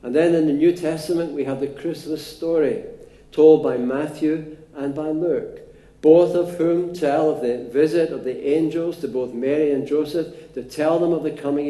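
A man preaching a sermon in a relaxed, conversational way, pausing often with fillers. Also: a little high, echoey room. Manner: unhurried, conversational with frequent fillers.

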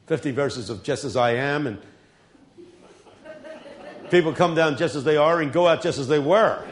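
A man's voice: a little high, moderate pace. A male preacher delivering a dramatic sermon, telling stories with humor.

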